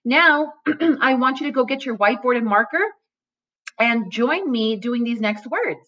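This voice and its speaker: A woman teacher giving a recorded phonics lesson to young children, speaking slowly and articulating every sound clearly. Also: a little high, lively intonation, a bit bright, muffled recording.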